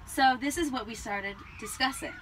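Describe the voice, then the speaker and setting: A woman co-hosting a casual farm podcast, chatty and quick to laugh while telling stories. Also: high voice, animated, a bit bright, a little hiss or hum, rough recording. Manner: chatty, laughs often, storytelling. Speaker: podcast co-host, alpaca farmer. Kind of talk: casual chat.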